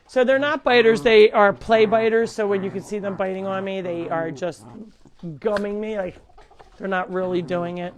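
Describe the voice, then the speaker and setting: A middle-aged woman, medium-pitched with fairly even intonation and a moderate pace, live-streams casually from the animal sanctuary at her home. She chats and talks to her pets in a sing-song baby voice, and the recording has its highs cut off.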